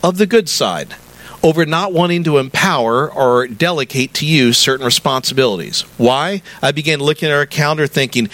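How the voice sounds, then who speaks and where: A middle-aged man from the American South, a pastor preaching a conversational sermon in a church sanctuary, building to animated emphasis. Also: on the high side, a little fast.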